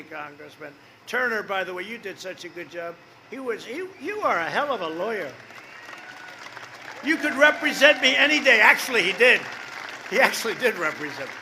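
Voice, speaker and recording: High, bright-voiced older man at a rally. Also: slight background noise. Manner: boastful, rambling, repetitive, asides to the crowd. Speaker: political rally speaker. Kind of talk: rally speech. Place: outdoor rally.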